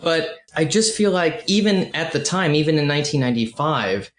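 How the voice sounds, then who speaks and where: A man hosting a podcast, talking through a film in a measured, analytical way. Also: on the high side, animated. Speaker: podcast host. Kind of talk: casual film discussion. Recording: roomy echo.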